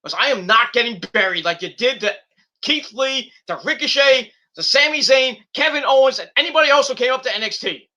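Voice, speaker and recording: A young man hosting a wrestling review channel, ranting hotly and swearing as he goes. His voice sits high and rings very bright and edgy. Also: expressive, fairly quick. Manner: profane, heated ranting.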